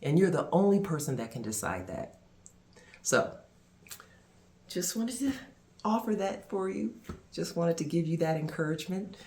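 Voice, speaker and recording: A man vlogger and minister telling a personal story to camera, with dramatic pauses and expressive delivery. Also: fairly high pitch, slight background noise.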